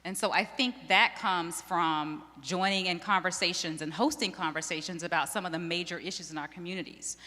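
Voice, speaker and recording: A woman's voice: on the low side, fairly even intonation, brisk, few pauses, pushed and bright. A woman journalist with a print background speaking earnestly and steadily on a panel. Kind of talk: panel discussion. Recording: long reverb of a large hall.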